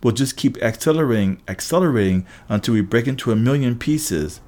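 A man's voice: mid-range voice, animated, a little fast, darkish tone, lightly acted. A man voicing a clever teenage girl who talks in a raised, urgent way.

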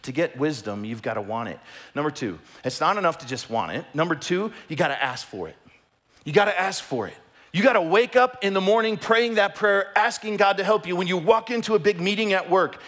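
A middle-aged man preaching a sermon as pastor, passionate and emphatic, often lifting his voice close to a shout. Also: high voice, lively intonation, brisk.

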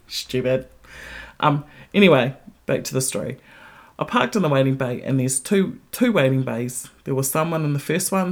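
Gravelly, blunt, profane woman. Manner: blunt, heavily profane, candid; animated retelling with rising pitch. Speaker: podcast host. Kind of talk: casual storytelling monologue.

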